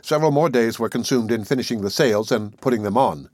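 A man narrating an audiobook in the first person, reading in a measured, dramatic way. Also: medium pitch, a little mellow, no room sound, clean studio sound.

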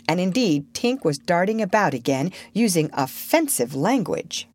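A woman narrating a storybook in a gentle, expressive way. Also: lowish voice, normal speed, few pauses, no room sound, clean studio sound.

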